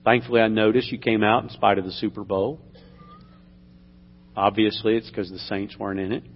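A man, a pastor praying and then telling a joke, an animated storyteller. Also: on the low side, moderate pace. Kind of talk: sermon with prayer and a joke. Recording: dull sound with long reverb in a hall.

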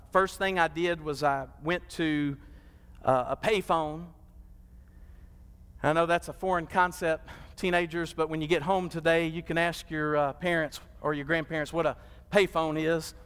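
A man preaching a sermon, building to drawn-out, impassioned peaks. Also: a little high, fairly bright tone, smooth. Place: church sanctuary. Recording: long hall reverb.

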